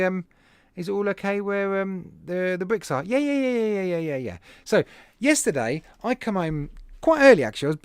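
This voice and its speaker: A man hosting a podcast, telling a rambling, animated story to his live chat at home with self-deprecating asides. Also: a little high, no room sound. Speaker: podcast host.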